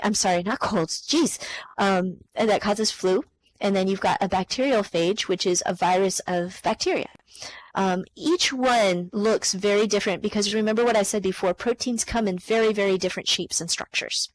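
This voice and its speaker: A woman teaching a live online science lecture, chatty and loose, with many ums and quick self-corrections. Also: mid-range voice, rough recording.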